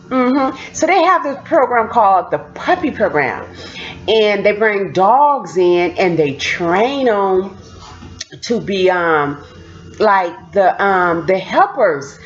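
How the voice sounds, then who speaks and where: A woman vlogger telling stories in a casual, animated way, laughing often and acting out what people said. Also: mid-range voice, dull audio. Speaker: vlogger recounting prison experience. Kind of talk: casual storytelling.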